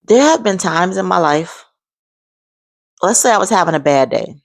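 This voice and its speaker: A woman's voice: fairly low pitch, expressive, moderate pace, vocal fry, no echo. A woman in her forties sharing an emphatic, heartfelt faith testimony in a vlog. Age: 40s. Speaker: vlogger.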